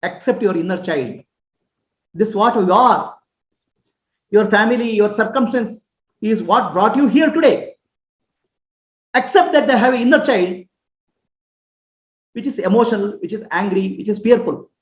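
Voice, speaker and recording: A woman giving a spiritual teaching, explaining patiently and often pausing to ask whether listeners follow. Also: mid-range voice. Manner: earnest, explanatory, often checks understanding with questions. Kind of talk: spoken teaching on self-acceptance. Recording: roomy, slightly dull recording.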